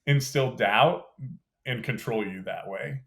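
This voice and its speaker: A young adult man, a podcast guest, telling stories of his military training in a relaxed, detailed way, full of "you know" and "like.". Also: medium pitch, slow pace, a crowd in the background. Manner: conversational, detailed, frequent "you know" and "like" fillers. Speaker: podcast guest, former Green Beret. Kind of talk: casual storytelling interview.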